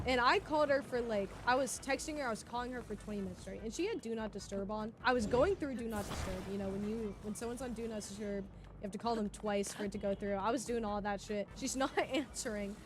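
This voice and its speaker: A woman in her twenties telling a casual story on stream, animated and full of fillers. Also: fairly high pitch, fast talker. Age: 20s. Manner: animated, filler-heavy, laughs often.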